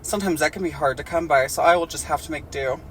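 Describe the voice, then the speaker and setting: A woman's voice: low voice, fast, a little hiss or hum. A woman co-hosting a comedy podcast, reading a fan story aloud and mocking it with giggles, swearing and silly voices. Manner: giggly, profane, mocking the text with put-on voices. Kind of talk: casual comedic reading and chat.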